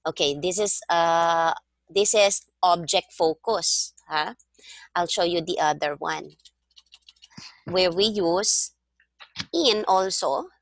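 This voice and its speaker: A woman's voice: on the low side, takes it slowly, vocal fry, long pauses, no room sound, clean studio sound. A woman teaching a one-on-one language lesson over a video call, explaining patiently step by step. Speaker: language tutor.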